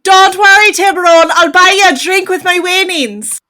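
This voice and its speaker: A man's voice: very high voice, moderate pace, sharp tone, pitched above the performer's own voice, full character voice. A man voicing a cheerful young woman fighter who teases from the crowd in a tabletop game. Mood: teasing.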